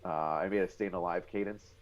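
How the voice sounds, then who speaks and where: A man from Western New York, a podcast guest telling military stories in an animated way. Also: deep voice, fairly quick. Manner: animated storyteller, bursts into impressions. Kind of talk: casual podcast storytelling. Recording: dull lo-fi audio.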